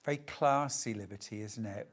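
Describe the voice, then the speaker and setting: A man's voice: on the low side, moderate pace. A man presenting fabrics on a live home shopping show, chatty and full of enthusiasm.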